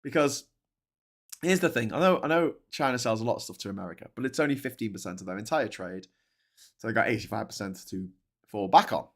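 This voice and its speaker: A man hosting a casual spoken commentary, rambling and animated with frequent restarts. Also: lowish voice, fast. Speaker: host.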